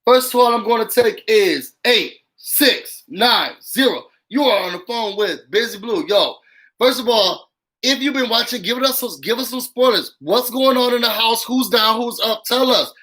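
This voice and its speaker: This man has an extremely high-pitched voice yet speaks unhurriedly, recorded with poor audio. He hosts a casual YouTube live-stream with call-ins, animated and talking straight to viewers amid heavy "y'all" and "um" fillers.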